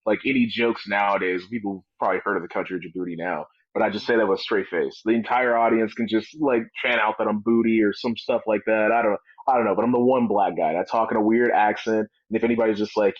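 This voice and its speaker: A man with a fairly low voice chats casually as an interview guest, spinning jokes and animated stories. The sound is dry and close, with a dull, slightly muffled quality. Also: fast, hardly any pauses, no echo. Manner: joking, animated storytelling with comic voices. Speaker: wrestler guest.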